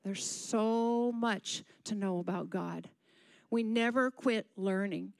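A woman's voice: mid-range voice, slow pace, vocal fry, a little mellow, no echo. A woman preaching a sermon at a church service, asking the congregation questions and calling for responses.

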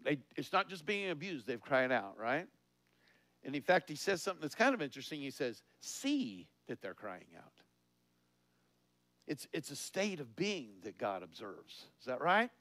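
Guy preaching, kinda high voice that bounces all over, laughs a lot, dry sound. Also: moderate pace, dry recording. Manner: conversational, laughs often, asks the listeners questions; lively, rises in pitch and volume on key points. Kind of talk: sermon.

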